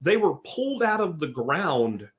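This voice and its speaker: A man in casual conversation, telling stories with lively energy and the odd curse word. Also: on the high side, measured pace. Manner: animated storyteller, swears casually. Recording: slightly muffled lo-fi audio.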